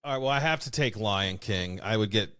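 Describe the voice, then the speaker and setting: Man, lower voice, dry close sound, relaxed podcast chat. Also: a little fast, smooth, dry recording. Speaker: podcast co-host. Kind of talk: casual chat.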